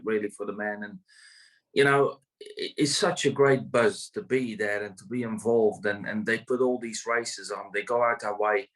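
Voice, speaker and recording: A man's voice: on the low side, a bit bright, low-quality recording. A man, a greyhound trainer, talking casually in an interview, rambling with many fillers and restarts.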